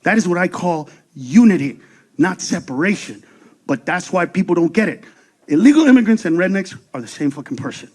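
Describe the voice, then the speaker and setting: A middle-aged man doing live stand-up comedy, loud and profane, acting out characters with shouted punchlines. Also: high-pitched, lively intonation, a little fast.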